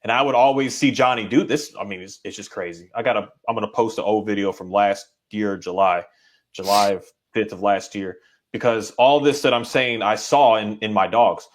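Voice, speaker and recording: Man, host, casual talk, halting, restarts often, thinking aloud. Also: fairly low pitch. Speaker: podcast host, dog owner. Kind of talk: casual conversation.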